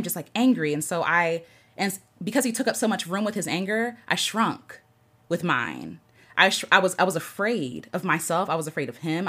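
A woman from the United States talks earnestly on a casual livestream from home, her voice sitting a little low. Her pitch swings freely as she greets viewers and reads their comments aloud. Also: a bit bright. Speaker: livestream host. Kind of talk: casual impromptu livestream chat.

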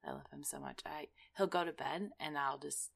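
A young woman guest on a podcast in casual chat, animated and fond of mimicking people, with an early-morning voice. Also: low-pitched, normal speed, vocal fry.

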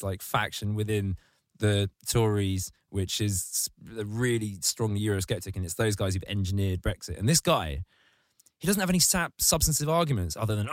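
A man's voice: fairly low pitch, no echo. Sardonic man ranting comedically. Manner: sardonic, crude, rants with vivid insults. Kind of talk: casual comedic chat.

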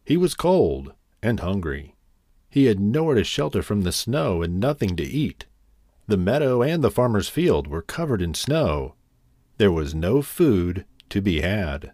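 A man narrating a children's fable as a storyteller, with a gentle, expressive reading. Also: low-pitched, unhurried, dry recording, clean studio sound.

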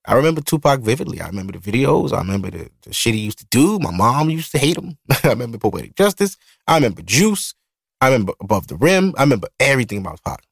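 A man in his thirties with a Brooklyn accent hosts his own podcast and talks in a loose, rambling, profane way. His voice sits in a middle pitch with a gravelly edge. The sound is dry and close, with no room around it. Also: no room sound. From Brooklyn, New York. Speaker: podcast host. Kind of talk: casual solo podcast talk. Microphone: studio mic.

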